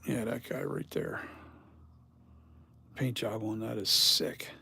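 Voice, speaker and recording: A man's voice: on the low side, slow pace, vocal fry, bright, forceful tone, husky. A tired middle-aged man who makes masks rambles casually to his viewers, filming himself on a phone camera in his home workshop. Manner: rambling, talks straight to viewers. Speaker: mask maker. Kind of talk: casual vlog chat.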